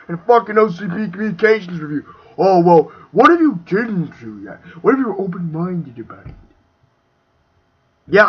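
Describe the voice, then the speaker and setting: A young man ranting angrily about a movie, profane and swinging between shouting and muttering. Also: high-pitched, breathy edge. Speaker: video reviewer. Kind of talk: angry movie rant. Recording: dull lo-fi home recording.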